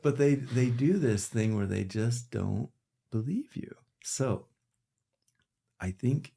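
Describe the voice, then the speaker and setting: A man, a physician, talking candidly in a podcast conversation, relaxed with fillers but rising into emphatic, passionate points. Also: low-pitched, creaky, slightly rough.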